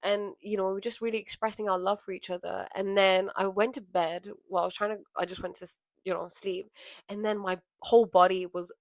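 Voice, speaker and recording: A woman vlogger telling a personal story in an earnest, emotional way, with soft laughs and many fillers. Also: mid-range voice, little pitch movement, a little fast, no echo, clean studio sound.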